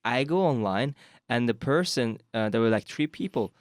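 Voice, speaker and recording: A man hosting a podcast, telling stories in a lively way and acting out other people. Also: medium pitch, moderate pace, no room sound, clean studio sound. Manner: lively storyteller, acts out other people in his anecdotes. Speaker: podcast host. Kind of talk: casual chat.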